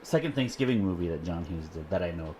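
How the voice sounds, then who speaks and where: Lively guy on a podcast, pitch jumps all over, a bit of hiss behind him. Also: fast. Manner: animated, laughs often, quotes lines in a higher voice. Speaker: podcast co-host. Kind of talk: casual chat. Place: home.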